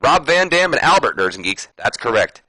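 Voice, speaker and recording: A man's voice: medium pitch, big pitch swings, normal speed, sharp tone, no echo, poor audio. Casual male gameplay commentator. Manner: casual, chatty, swears, trails off. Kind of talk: casual let's-play commentary.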